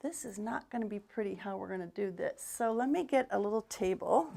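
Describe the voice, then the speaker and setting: A chatty woman with a fairly high voice and a gravelly edge leads a live craft demonstration as a paint retailer. She rambles, restarts her sentences and mutters asides while a little out of breath. She speaks into a livestream camera in an indoor workshop. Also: moderate pace, few pauses, darkish tone, slight background noise. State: a bit out of breath.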